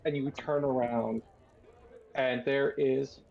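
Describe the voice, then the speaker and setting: A man with a gravelly, husky voice narrating a tabletop game as game master, unhurried and descriptive. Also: medium pitch, steady tone, dull audio. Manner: unhurried, descriptive, many fillers.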